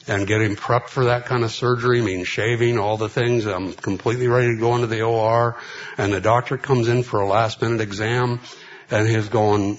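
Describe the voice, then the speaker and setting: A man's voice: mid-range voice, muffled recording. A man telling long personal stories in a sermon, full of fillers and acted-out dialogue. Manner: rambling, filler-heavy anecdotes with quoted dialogue. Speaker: preacher. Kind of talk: storytelling sermon.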